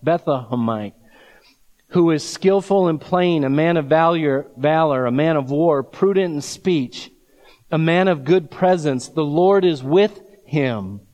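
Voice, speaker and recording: Slow, emphatic male preacher. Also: on the high side, darkish tone, long reverb tail. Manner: reads scripture aloud with asides. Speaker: pastor. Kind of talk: sermon.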